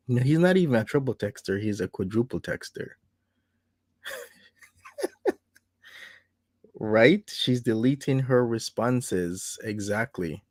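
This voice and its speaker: A man's voice: on the low side, no echo, clean studio sound. A man hosting a casual livestream, reading out messages and commenting on them with sarcasm and laughter. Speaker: livestream host.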